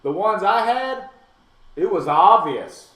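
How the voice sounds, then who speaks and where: A high-pitched man talks in a lively, swinging voice during casual radio chat. He argues his point with energy and repeats words as he restarts. Echo from the studio hangs around his voice. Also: takes it slowly. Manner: animated, persuasive, stammers on restarts. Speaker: radio show host.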